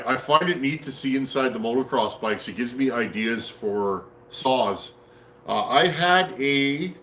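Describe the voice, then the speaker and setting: Broadcasting live from his home workshop, this chainsaw builder from Canada talks in a folksy, rambling manner and responds to viewer comments, his Canadian accent clear. The medium-pitched voice is fairly bright, the sound roomy, with slight background noise.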